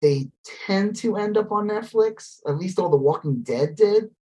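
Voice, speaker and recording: A podcast co-host speaks in a high voice at normal speed during casual chat. He's rambling and animated, swearing freely and imitating posh voices.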